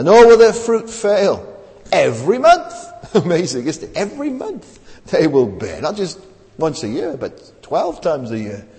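A man's voice: medium pitch, a little mellow. A middle-aged man preaching a sermon in a chapel, talking in a conversational way and often asking "isn't it?". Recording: long hall reverb.

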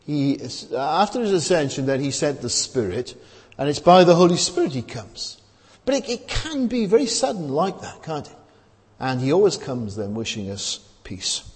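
A man preaching a sermon in a conversational way, asking rhetorical questions and often pausing with hesitations. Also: a little high, sing-song, a little mellow. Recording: long hall reverb.

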